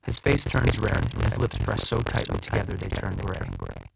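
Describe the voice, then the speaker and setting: Gravelly male audiobook narrator. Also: on the low side, fairly even intonation. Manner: measured, tense, dramatic reading. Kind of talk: first-person audiobook narration. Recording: loud background hiss.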